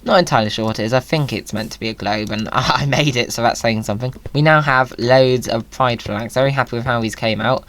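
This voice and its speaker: Cheerful hoarse man. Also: medium pitch, a little fast, few pauses, a bit bright. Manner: cheerful, chatty, coos at in-game animals. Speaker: game commentary host. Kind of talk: playful commentary over gameplay.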